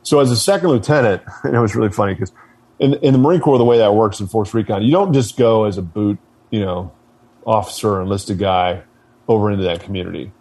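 A man's voice: on the low side, quick pace. A man being interviewed, casually telling stories with plenty of fillers, swearing and laughter. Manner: relaxed, profane, many fillers, laughs while telling stories. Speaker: interview guest, former Marine officer.

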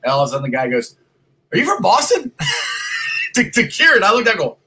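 A middle-aged man hosting a casual sports talk show from his son's house, excited and rambling, with loud greetings. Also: fairly high pitch, racing.

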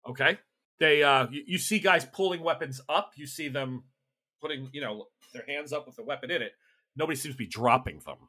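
A man's voice: mid-range voice, brisk, bright, forceful tone, husky. A man narrating a tabletop game as game master, loose and chatty with many restarts.

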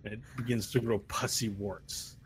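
A man's voice: fairly low pitch, fairly even intonation, unhurried. A man running a tabletop role-playing game as dungeon master, narrating scenes with vivid sound effects and frequent restarts.

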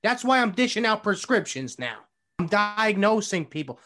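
A man's voice: sits high, very animated, normal speed, sharp tone. A man co-hosting a podcast, bragging with over-the-top confidence in casual comedic banter. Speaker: podcast co-host.

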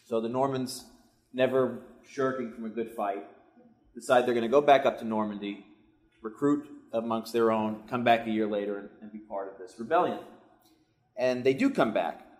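A man's voice: medium pitch, normal speed, darkish tone. A man giving a live history lecture, telling it as a story with casual asides to the audience. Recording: echoey room recording.

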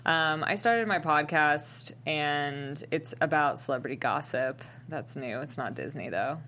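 A woman's voice: low-pitched, unhurried, a bit bright, slight background noise. A young woman co-hosting a podcast, chatting casually with giggles and fillers. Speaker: podcast co-host. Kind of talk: casual chat.

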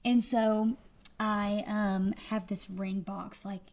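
A woman's voice: medium pitch, fairly even intonation, slow pace, a little mellow. A woman guest, with many fillers and restarts, telling her story casually in an interview. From Arkansas.

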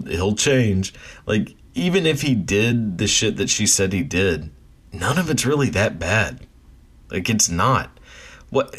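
A deep-voiced man on a casual rant, his tone husky and a little breathy. He swings his pitch widely as he talks, blunt and profane, with quick laughs between points. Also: a bit bright.

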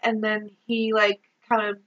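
A woman co-hosting a podcast, recapping a movie in animated casual chat, laughing often and saying "like" a lot. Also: medium pitch, unhurried, dull audio. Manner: animated, laughing, heavy use of "like". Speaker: podcast co-host.

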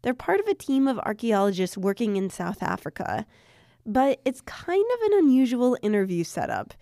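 A woman hosting a science podcast, explaining things clearly and cheerfully, recorded at her desk. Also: fairly high pitch, huge pitch swings, moderate pace, mellow, no room sound, studio quality. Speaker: podcast host. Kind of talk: scripted science narration.

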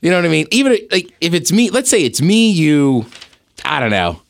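Laughing guy co-hosting, bouncy pitch that swoops up and down, kinda high. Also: sing-song, brisk, vocal fry. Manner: laughs often, drops low when quoting others. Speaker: podcast co-host. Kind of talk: casual chat.

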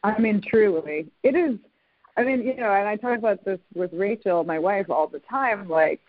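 A man's voice: high-pitched, normal speed, dry recording. A man hosting a casual podcast chat, speaking in a reflective, thoughtful way. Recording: dry, phone-like sound.

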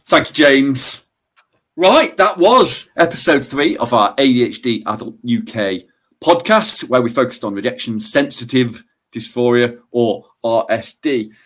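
A man's voice: mid-range voice, expressive, unhurried, a bit bright. Male co-host, mid-range voice, chatty with dry self-mocking humour. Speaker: podcast co-host. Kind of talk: casual advice podcast chat.

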